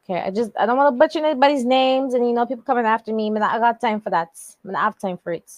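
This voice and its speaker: A woman's voice: fairly high pitch, rapid-fire, dry recording. A woman co-hosting a podcast, recapping a wrestling show in a loose, rambling way with lots of fillers and slang. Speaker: podcast co-host. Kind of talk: casual wrestling chat.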